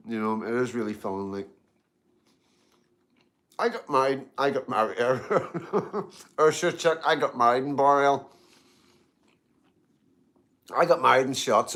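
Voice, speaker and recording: A Glasgow livestreamer, a man with a medium-pitched, fairly bright voice, reads out chat in a casual stream. He rambles and repeats himself, says "you know what I mean" a lot, and eats and sips tea between remarks.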